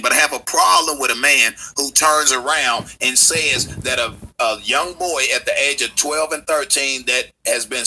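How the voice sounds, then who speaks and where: Heated husky-voiced man ranting on stream. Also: on the high side, bright, forceful tone, low-quality recording. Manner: heated, profane, confrontational. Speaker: livestreamer. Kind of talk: livestream rant.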